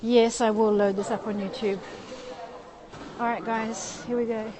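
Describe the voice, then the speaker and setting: A woman's voice: on the high side, level tone, a little slow. A woman hosting a phone live stream, chatting and answering viewer comments as she walks and climbs stairs. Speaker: livestream host. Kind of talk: casual live-stream chat. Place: outdoors then climbing a stone stairwell. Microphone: phone held in hand. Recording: noisy street and stairwell sound.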